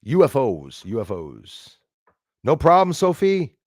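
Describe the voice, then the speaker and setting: A middle-aged man hosting a casual live stream, excitable, thanking viewers by name and swearing when angry. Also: mid-range voice, slow pace, dry recording, studio quality.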